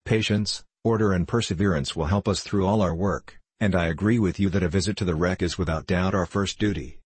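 A man reading the part of a cheerful, steady mother of a shipwrecked family, speaking calmly and encouragingly. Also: sits low, a little fast, breathy edge, no echo.

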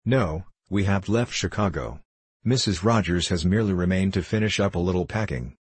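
A man reading the lines of a stiff, clerical man who speaks flat and curt. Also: low voice, normal speed, breathy edge, no room sound.

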